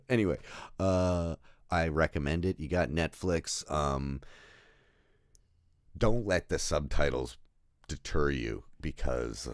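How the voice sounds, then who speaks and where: A man's voice: very deep voice, dry recording, studio quality. A man giving a casual, rambling film review, often restarting his sentences, laughing at his own jokes and swearing.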